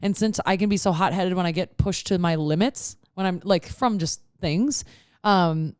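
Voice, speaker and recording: A woman's voice: lowish voice, moderate pace, smooth, dry recording, clean studio sound. Chatty young woman podcast co-host. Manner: chatty and expressive, acting out dialogue. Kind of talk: casual chat.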